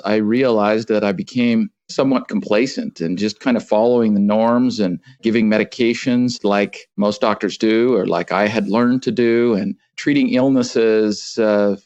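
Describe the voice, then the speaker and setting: Middle-aged doctor guy, lowish voice, gets animated, stumbles on words, muffled lo-fi sound. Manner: animated, halting with fillers and repeats. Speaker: family doctor, guest. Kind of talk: podcast interview.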